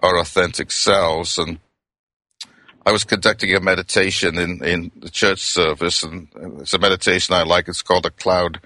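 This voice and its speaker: Low-voiced Welsh minister preaching. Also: male voice, fairly even intonation, moderate pace, dry recording. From Wales. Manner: gentle, reflective, addresses listeners as friends. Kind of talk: sermon.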